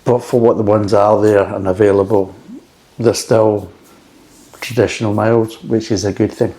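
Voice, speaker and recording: A man's voice: on the low side, flat delivery, moderate pace, dark tone. A middle-aged man chatting casually and frankly as he reviews a beer, rambling between thoughts.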